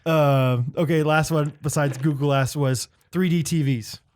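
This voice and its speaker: Slightly high-voiced laid-back male co-host. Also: a little slow. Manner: relaxed, laughing, running through a list. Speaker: podcast co-host. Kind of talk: casual chat.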